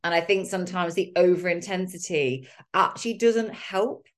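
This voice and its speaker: Low-voiced chatty woman. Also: normal speed. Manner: candid and chatty, with mild swearing and lots of fillers. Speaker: podcast host. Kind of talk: casual solo podcast chat.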